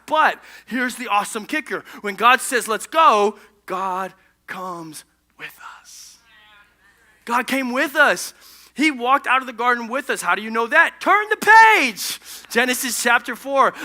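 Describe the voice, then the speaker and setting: A male pastor giving an energetic, conversational, jokey sermon in a church. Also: extremely high pitch. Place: church stage.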